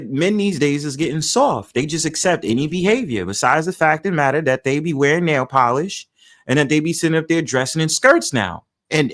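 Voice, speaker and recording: A man's voice: a little high, fairly bright tone. A man hosting a livestream, talking in a blunt, opinionated way and swearing freely. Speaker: livestream host. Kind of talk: casual livestream talk.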